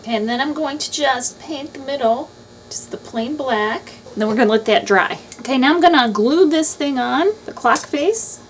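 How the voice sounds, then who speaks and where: A woman's voice: high voice, normal speed, soft background music. A woman hosting a craft channel, talking casually through each step of a do-it-yourself tutorial.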